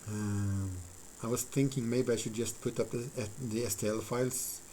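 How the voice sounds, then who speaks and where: A man's voice: mid-range voice, fairly even intonation, normal speed, dark tone, slight background noise, poor audio. A man live-streaming while he builds a model, thinking aloud in a rambling, filler-heavy way and chatting with his viewers. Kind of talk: casual live-stream chat while crafting.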